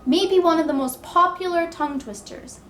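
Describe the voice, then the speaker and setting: A woman teaching English pronunciation, drilling words with slow, deliberate, exaggerated enunciation. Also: extremely high pitch, a bit bright, roomy sound, slight background noise.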